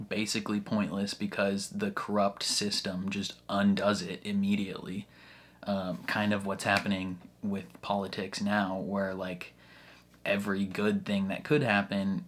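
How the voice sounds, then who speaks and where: A man hosting a casual reaction video, ranting in an animated, exasperated way and swearing often. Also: mid-range voice, unhurried.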